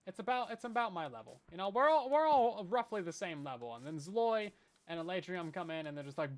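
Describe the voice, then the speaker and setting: A man's voice: high-pitched, expressive, fairly quick. A man giving rambling, self-deprecating commentary while playing a survival game on a stream. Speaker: Minecraft streamer. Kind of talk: casual gameplay commentary.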